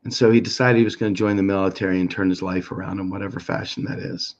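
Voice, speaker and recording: A man's voice: steady tone, quick pace. Angry middle-aged man, muffled recording. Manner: angry, profane, pleading questions, swings between raised and low voice. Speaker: political activist commentator. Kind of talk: impassioned monologue rant.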